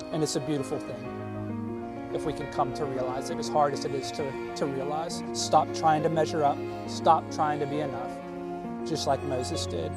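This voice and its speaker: A male pastor delivering a sermon in an earnest, emphatic way, often repeating words as he builds a point. His voice sits a little higher than most men's, and faint music plays underneath.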